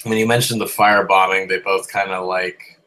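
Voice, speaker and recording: A man's voice: low voice, flat delivery, moderate pace, sharp tone, poor audio. A young man narrating a tabletop horror game as game master, casual and rambling, with lots of ums and swearing.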